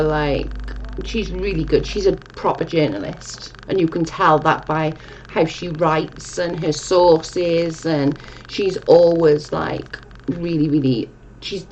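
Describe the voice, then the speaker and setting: Chatty woman with a lowish voice. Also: darkish tone, slight background noise. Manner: chatty, rambling, swears casually. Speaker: live stream host. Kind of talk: casual chat reading viewer comments.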